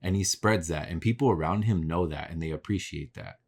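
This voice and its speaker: Speaking into a podcast mic aimed at the camera, a man hosts his own show alone, chatting casually and candidly about his work. His voice sits low, runs a little fast and sounds husky, and he swears freely while reflecting on himself.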